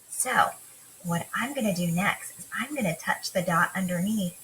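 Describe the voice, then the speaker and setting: A woman teacher giving a remote phonics lesson to young children, talking slowly in a sing-song way and drawing out letter sounds. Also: mid-range voice, bright, forceful tone, a little hiss or hum, poor audio. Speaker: kindergarten teacher.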